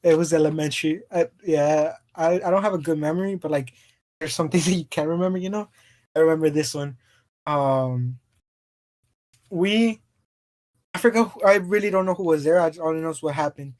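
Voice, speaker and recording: A man's voice: a little high, brisk, darkish tone. A man co-hosting a podcast in casual chat, telling a story in a rambling way, stumbling over restarts and laughing often. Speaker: podcast co-host.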